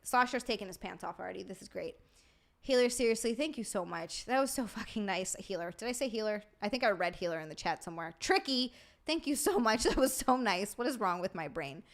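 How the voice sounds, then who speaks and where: A woman hosting a casual comedy livestream, excitable and swearing as she reads super chats aloud and laughs a lot. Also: medium pitch, a little fast, vocal fry. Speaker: streamer and podcast host.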